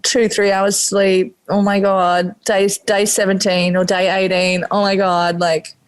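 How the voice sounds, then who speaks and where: A woman's voice: medium pitch, measured pace, smooth. A middle-aged Australian woman chef, a podcast guest, telling a candid personal story, swearing freely and acting out what she said at the time. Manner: animated, swears freely, acts out her own past remarks.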